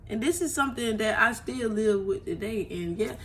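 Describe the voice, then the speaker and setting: A woman's voice: on the high side, moderate pace, a little hiss or hum. A woman vlogger telling her story to viewers on a phone, emotional and blunt, swearing freely and often asking "you know what I'm saying".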